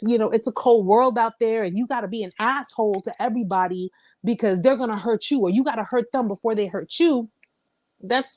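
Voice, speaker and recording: A woman's voice: fairly high pitch, dry recording. A young adult woman hosting a casual live-stream chat, reading viewer comments aloud and talking candidly, repeating phrases for emphasis.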